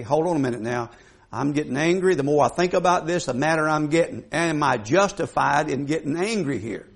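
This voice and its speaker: A man's voice: a little high, vocal fry, slightly rough. A man preaching a sermon in a folksy, emphatic way, putting questions to the congregation.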